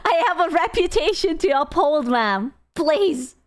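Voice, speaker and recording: Woman doing a proud mountain lion begging to be left alone, slow and fussy. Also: high-pitched, animated, pitched above the performer's own voice. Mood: indignant pleading. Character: indignant, dignified mountain lion being bathed.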